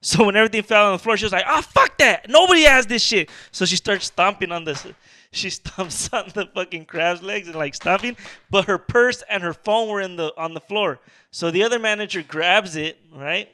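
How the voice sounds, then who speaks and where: A man's voice: high-pitched, fairly quick, smooth. A man co-hosting a casual podcast, telling a story with animation and acting out the dialogue. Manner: animated, acts out dialogue in his stories. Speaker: podcast co-host.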